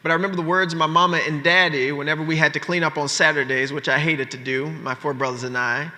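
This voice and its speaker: Man, high ringing voice, rally keynote, fiery call-and-response, long hall reverb. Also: steady tone, quick pace, bright, forceful tone. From Memphis, Tennessee, USA. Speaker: keynote speaker, state legislator. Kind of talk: political rally speech. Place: large conference hall.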